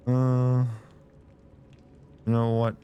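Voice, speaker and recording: A man with a hoarse, sick voice giving rambling, jokey commentary while streaming a game and chatting with viewers. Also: mid-range voice, monotone, drawn-out words, warm tone, dull audio. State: hoarse from a sore throat. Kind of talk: casual gameplay commentary.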